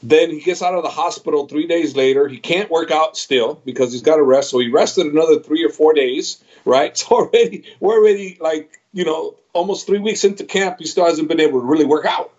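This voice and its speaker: A middle-aged man, an MMA trainer, telling a story on a podcast over a video call, animated and quoting his own reactions. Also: fairly high pitch, a little fast, hardly any pauses. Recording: slightly dull video call audio.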